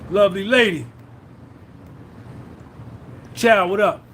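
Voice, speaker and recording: A man's voice: high voice, takes it slowly, a bit bright, a little hiss or hum. A man hosting a podcast livestream, talking casually and profanely, reminiscing and reading out viewers' names. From New Jersey. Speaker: podcast host.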